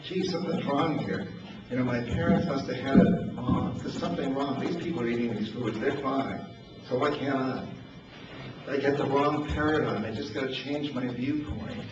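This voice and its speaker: An older man from New Hampshire tells personal stories in a relaxed, anecdotal way, chuckling often and repeating words as he goes. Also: mid-range voice. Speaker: speaker telling stories. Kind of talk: storytelling talk. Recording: echoey distant lo-fi with noise.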